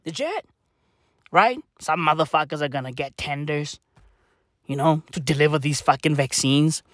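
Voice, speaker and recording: A woman's voice: low-pitched, normal speed, dry recording, studio quality. A woman, a podcaster, ranting casually with lots of swearing and slangy repetition. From South Africa.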